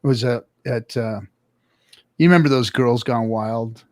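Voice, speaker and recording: A man's voice: mid-range voice, a little slow, darkish tone, no room sound. Profane rambling middle-aged man. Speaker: podcast host. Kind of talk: casual livestream chat.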